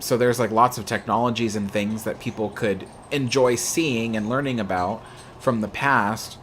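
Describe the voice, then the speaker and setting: A man's voice: medium pitch, slight background noise. A young man hosting a livestream, chatting casually in a rambling way with lots of "you know" fillers. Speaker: livestream host. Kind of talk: casual chat answering viewer questions.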